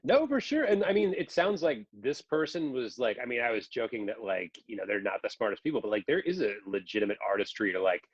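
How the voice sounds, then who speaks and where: A man's voice: fairly low pitch, quick pace, hardly any pauses, husky, no echo. Comedian man, dull and dry. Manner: filler-heavy, animated, profane. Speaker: comedian guest. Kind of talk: casual podcast chat. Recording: slightly dull sound.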